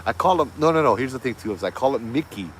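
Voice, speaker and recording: A man's voice: mid-range voice, animated, fast talker, fairly bright tone, a little hiss or hum, rough recording. A middle-aged man, casually telling a ghost story in a loose, rambling way, correcting himself as he goes. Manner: easygoing, rambling with fillers and self-corrections.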